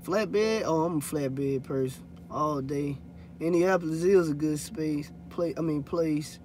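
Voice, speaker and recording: A man's voice: on the high side, a little slow, a little mellow, a little hiss or hum. A man, a hotshot truck driver chatting loosely to viewers in a rambling, swearing way. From Louisiana. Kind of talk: casual vlog chat answering viewers.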